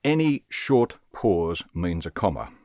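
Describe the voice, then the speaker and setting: A man narrating a scripted webinar lesson in a measured, explanatory way, reading out examples. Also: low-pitched, sing-song, a little mellow, no echo, clean studio sound. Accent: Australian. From Australia. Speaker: teacher giving a webinar.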